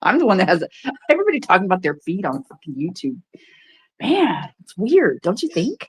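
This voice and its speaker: A woman's voice: on the low side, wildly swooping pitch, a little fast, husky, rough recording. A woman co-hosting a casual livestream chat, blunt and profane, telling stories. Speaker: livestream co-host.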